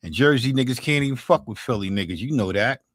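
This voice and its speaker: A man's voice: medium pitch, expressive, fast, no room sound. A man in his sixties with a Philadelphia accent, chatting loosely and profanely with his livestream viewers, full of restarts and jokes. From North Philadelphia, USA. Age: 60s. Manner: loose, profane, joking street talk with frequent restarts. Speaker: livestream beatmaker host. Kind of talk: casual livestream chat with viewers.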